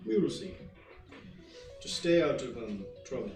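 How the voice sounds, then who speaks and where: A man voicing a burly, stern lawyer father in a tabletop game, with a put-on Russian accent and a gruff manner. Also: medium pitch, very animated, unhurried, darkish tone, roomy sound, recorded from a distance, faint music behind.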